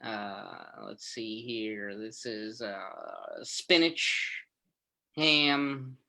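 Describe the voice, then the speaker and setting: A man doing a stand-up comedy set, halting and self-amused, with many restarts. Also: fairly low pitch, very animated, gravelly, pushed and bright, poor audio.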